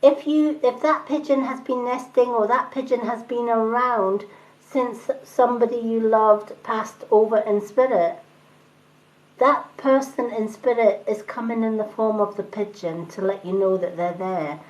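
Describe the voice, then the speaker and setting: Middle aged woman chatting softly thru a readings livestream, calls ppl honey, kinda muffled lo-fi sound. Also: fairly high pitch, fairly even intonation, unhurried. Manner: gentle, chatty, addresses viewers as honey. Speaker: tarot reader on a live stream. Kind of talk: casual spiritual talk to live viewers.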